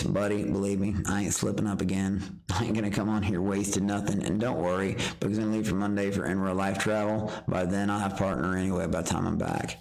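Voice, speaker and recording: A man's voice: on the low side, vocal fry, poor audio. A man streaming live, ranting in a rambling, boastful way and trash-talking profanely. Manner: rambling with restarts. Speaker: livestreamer. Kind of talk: rambling livestream rant.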